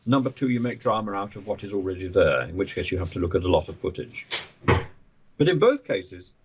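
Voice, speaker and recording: A man talking as a podcast guest, animated, often stammering and restarting his sentences. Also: medium pitch, slightly rough, muffled recording. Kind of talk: conversational podcast interview.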